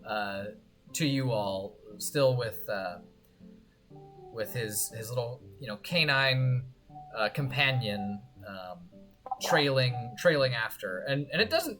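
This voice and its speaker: Game master narrating a tabletop rpg, slow and halting, lots of ums, faint music behind. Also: mid-range voice, fairly bright tone. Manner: halting, many fillers and restarts.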